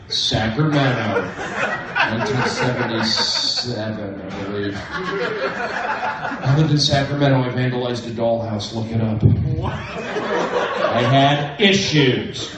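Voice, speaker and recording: A man doing a stand-up comedy set in a comedy club, with a manic, erratic delivery that breaks into sudden loud outbursts. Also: medium pitch, lively intonation, a little slow. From American Southwest. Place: comedy club main room. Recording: roomy, distant livestream audio with crowd laughter.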